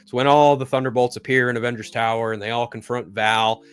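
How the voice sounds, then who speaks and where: A man's voice: mid-range voice, steady tone, fast, clean tone. A man reviewing a superhero film in a casual vlog, gushing and swearing, often restarting his sentences. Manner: enthusiastic, profane, rambling with restarts. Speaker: movie review vlogger. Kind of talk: casual movie chat.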